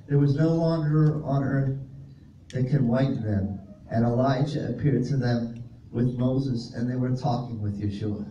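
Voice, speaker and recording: Male pastor, mellow higher voice, distant mic in a very echoey hall. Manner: reads scripture aloud and explains Greek words to a congregation. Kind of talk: sermon with scripture reading. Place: fellowship hall. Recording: roomy echo, voice from off-mic, faint noise.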